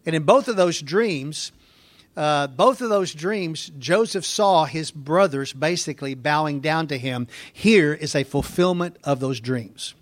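Higher-voiced man teaching a Bible lesson. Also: a little slow. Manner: informal, explanatory, with fillers and restarts.

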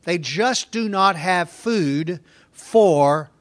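A man's voice: sits high, animated, drawn-out words. A man teaching a conversational Bible lesson, explaining in an informal way with fillers and restarts.

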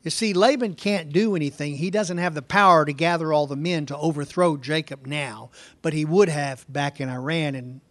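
A man's voice: a little high, normal speed, few pauses, fairly bright tone. A man preaching verse by verse, explaining the passage in a conversational way and asking his listeners rhetorical questions. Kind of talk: verse-by-verse Bible teaching.

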